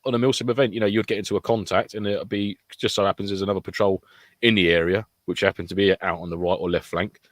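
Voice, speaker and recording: A British man co-hosting a podcast in casual, animated chat, acting out quotes in silly voices. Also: low-pitched, fast, dry recording. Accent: British English. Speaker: podcast co-host.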